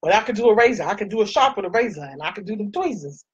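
A woman's voice: mid-range voice, lively intonation, racing, muffled recording, slight background noise. A woman in her forties chatting playfully with viewers while she does her makeup. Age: 40s. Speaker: makeup vlogger. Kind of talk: casual chat while doing makeup.

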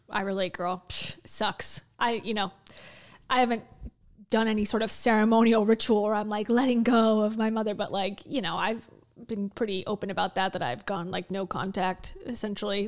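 A woman hosting a casual reaction commentary, talking candidly and bluntly and swearing now and then. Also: mid-range voice. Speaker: commentary host.

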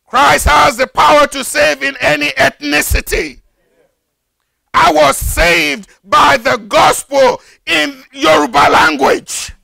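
Older man, pastor, slow deliberate delivery, very gravelly voice, fervent shouted sermon. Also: very high voice, steady tone, dry recording, clean studio sound. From Nigeria. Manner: fervent preaching, rises to shouted emphasis and repetition.

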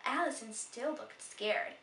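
A woman reading a children's storybook aloud in an animated, expressive way, in a roomy, distant recording. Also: on the high side, measured pace, vocal fry, very noisy. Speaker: storybook reader.

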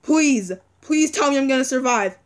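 A young female gaming video creator with a high-pitched, expressive voice comments on a game at a moderate pace in let's-play fashion. She pleads anxiously, cries out, and keeps repeating words.

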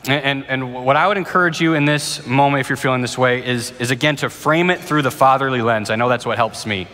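Earnest pastor in a ringing hall. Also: male voice, medium pitch, a little fast, bright, forceful tone. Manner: earnest, conversational, with frequent restarts. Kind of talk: sermon with Q&A. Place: church auditorium. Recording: reverberant church hall.

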